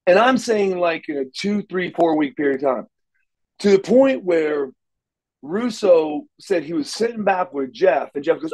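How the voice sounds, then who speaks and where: Here the former wrestler, a middle-aged man appearing as an interview guest, speaks at a moderate pace in a fairly high, animated, darkish voice. He tells his stories in a relaxed, lively manner, acting out conversations and restarting often, and the recording is rough.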